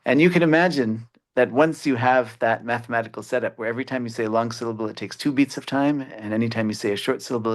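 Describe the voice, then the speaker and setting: A male educator explaining ideas step by step in an online lecture. His pitch sits in the middle of the usual range for a man. He stops often on short "uh" fillers between phrases. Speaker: mathematics educator. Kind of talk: webinar lecture.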